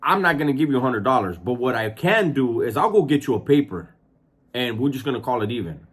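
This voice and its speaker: A man's voice: mid-range voice, lively intonation, a little fast, husky. A man voicing a defensive male prison inmate who argues and bargains his way out.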